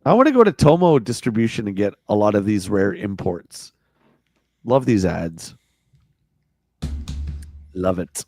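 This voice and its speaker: A man's voice: fairly low pitch, big pitch swings, unhurried, long pauses, dark tone, no echo, soft background music. A man co-hosting a casual livestream, reading a magazine aloud with sarcastic, jokey asides. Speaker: podcast co-host.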